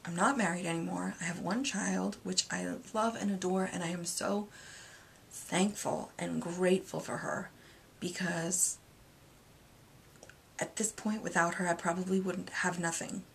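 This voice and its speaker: A woman in her thirties, a single mom, talking candidly in a confessional vlog, rambling and hesitant, with many pauses and fillers. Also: fairly low pitch, fairly even intonation, creaky, a little hiss or hum. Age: 30s. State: emotional, near tears at moments. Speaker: vlogger.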